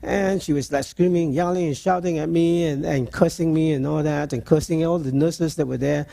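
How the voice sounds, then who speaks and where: A man preaching a sermon, telling a story in a halting, earnest way. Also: a little high, fairly even intonation, gravelly, warm tone.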